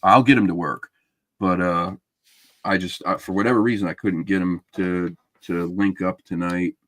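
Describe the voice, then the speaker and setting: A man's voice: deep voice, steady tone, moderate pace, fairly bright tone, no echo. A man hosting a live podcast stream, chatting casually and rambling with lots of fillers. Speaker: podcast host.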